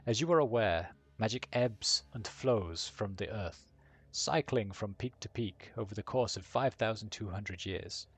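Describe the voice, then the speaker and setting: A man voicing a dragon's male envoy with a German accent, speaking slowly and savoring each word. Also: fairly low pitch, husky. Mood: grave.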